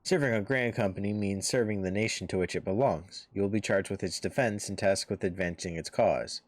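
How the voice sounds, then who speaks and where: A man voicing a composed woman who leads a heroes' order, reading game dialogue aloud in a formal, measured way. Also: fairly low pitch, dry recording, lightly acted. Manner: formal, measured storybook delivery.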